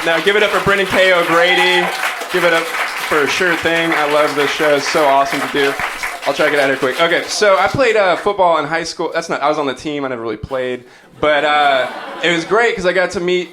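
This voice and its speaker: A young male comedian from Humboldt, California, rambling through a stand-up set with many restarts. His voice sits fairly high for a man. The live club recording has clear noise. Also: fairly bright tone.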